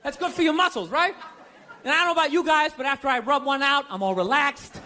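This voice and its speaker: High-pitched, profane stand-up comedian ranting. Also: male voice, quick pace. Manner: animated, punchy delivery. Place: large stage before a live audience. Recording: live show, loud crowd laughter.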